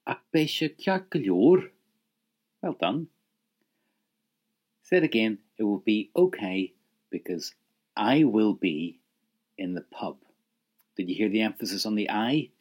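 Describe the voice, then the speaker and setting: A man leads an audio language lesson. His voice sits low and sounds husky. He swings his pitch widely and keeps urging the listener to repeat phrases. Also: expressive, measured pace, pauses often, a little mellow. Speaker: Irish language teacher.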